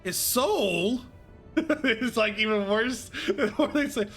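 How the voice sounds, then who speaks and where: A man reacting casually and excitedly while streaming a game, swearing and laughing often. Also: high-pitched, slow, soft background music.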